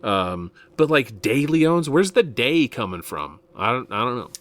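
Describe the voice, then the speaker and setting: A man's voice: fairly low pitch, very animated, moderate pace, a bit bright. Rambling, chuckling man from Nebraska. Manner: rambling and chuckling, many fillers. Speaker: podcast host. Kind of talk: casual podcast chat.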